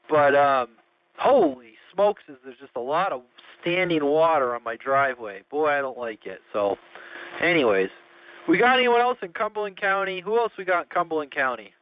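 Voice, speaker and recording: Man, high voice, chatty radio host, muffled sound. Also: expressive, normal speed. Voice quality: chatty, joking, laughs often. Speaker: net control host of a radio check-in. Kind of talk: casual radio chat. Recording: muffled audio with faint noise.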